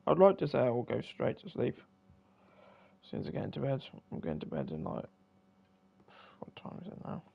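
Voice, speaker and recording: A young man talking over his game in a tired, gravelly voice full of fry. He rambles and pokes fun at himself, with plenty of ums along the way. The mic sounds dull and lo-fi. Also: mid-range voice, sing-song, normal speed, pauses often. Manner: rambling, self-deprecating, many fillers. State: tired, yawning. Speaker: game streamer. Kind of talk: casual commentary while playing.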